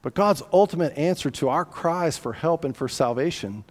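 A man's voice: a little high, expressive, moderate pace, big-room sound. A man preaching a sermon in a conversational, folksy way, with asides and restarts. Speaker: pastor.

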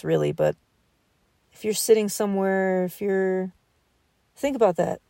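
Mellow, flat-voiced woman with vocal fry. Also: mid-range voice, measured pace, long pauses, no echo. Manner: musing and rambling, with many fillers. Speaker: podcast host. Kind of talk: reflective outdoor monologue. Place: campsite outdoors at night.

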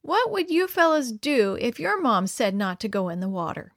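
A woman's voice: fairly high pitch, very animated, normal speed, no room sound, clean studio sound. A woman voicing a cautious young boy who hesitantly asks his friends for advice. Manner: hesitant, pleading.

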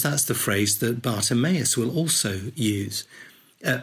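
A man with a husky, breathy edge to an otherwise middle-pitched voice leads a podcast Bible study. He moves through the passage conversationally and without hurry, stopping to reflect on each verse as he reads. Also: fairly bright tone. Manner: thoughtful, unhurried, explaining as he reads.

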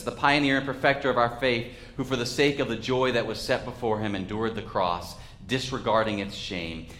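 A male pastor preaching a sermon in a church, with a measured, reflective delivery and dramatic pauses. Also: mid-range voice, a bit bright, roomy sound, slight background noise.

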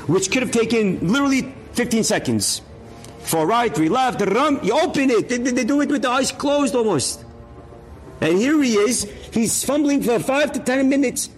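A man telling an inspirational religious story as a sermon, acting out the voices of its characters. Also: high-pitched. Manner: animated, acts out dialogue of the story's characters.

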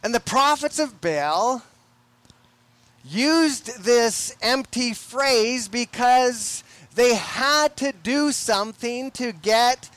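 A young man preaching a sermon in a deliberate, emphatic way, often repeating his words. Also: very high voice, lively intonation, fairly bright tone, no room sound. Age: young adult.

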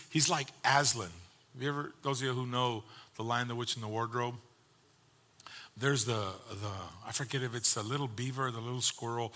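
A man preaching a sermon, shifting between loud fervent exhortation and quiet tender reflection. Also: medium pitch. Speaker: pastor.

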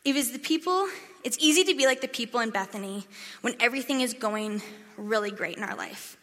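A young adult woman gives a casual, chatty sermon, voicing the crowd's lines herself as she tells the story. Her voice is fairly high, fairly bright and fairly quick, and the recording has echoey hall reverb.

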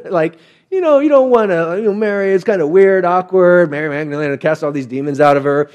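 Conversational pastor with a higher voice. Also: male voice, animated, fast, darkish tone. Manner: conversational storytelling, acting out quotes. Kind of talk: sermon.

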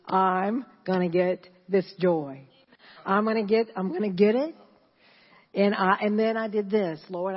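A woman in her sixties preaching a sermon as pastor, animated and laughing, repeating phrases and chanting. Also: medium pitch. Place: church. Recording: dull sound in a reverberant church hall.

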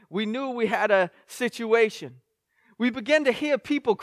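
A pastor in his forties reads scripture and tells a story during a sermon, his high, slightly bright voice building in intensity like a storytelling preacher. The recording has no room sound.

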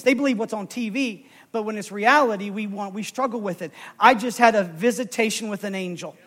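An emotional male preacher with a strikingly high voice for a man, telling a story in his sermon. He moves from hushed narration to shouted, fervent calls, and his pitch stays very high throughout. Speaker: pastor.

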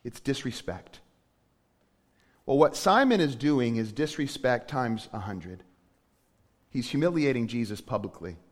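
Male pastor, high-pitched, animated sermon delivery, big reverberant hall. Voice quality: animated, conversational preaching with emphatic rises.

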